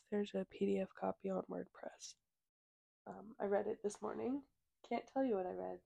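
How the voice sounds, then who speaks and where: A woman's voice: medium pitch, steady tone, moderate pace, gravelly, mellow. Giggly young woman co-hosting a podcast. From Missouri. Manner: giggly, playful, laughs often. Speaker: podcast co-host. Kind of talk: casual chat.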